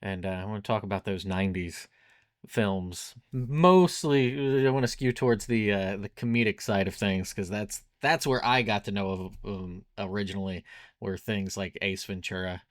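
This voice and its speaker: A man's voice: on the low side, normal speed, no room sound, studio quality. A man around forty in casual podcast chat, talking with many hesitations and restarts. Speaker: podcast co-host.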